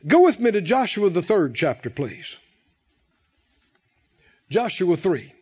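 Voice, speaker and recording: A man preaching a sermon, drawing the congregation in with questions and emphatic, drawn-out phrases. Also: sits high, big pitch swings, darkish tone, breathy edge, muffled recording. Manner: call-and-response preaching, rising and falling emphasis, drawn-out phrases.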